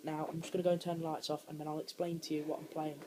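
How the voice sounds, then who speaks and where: A young man giving let's play commentary on a horror game, jumpy and quick to scream when startled. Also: fairly high pitch, level tone, heavy background noise. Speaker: gaming channel host.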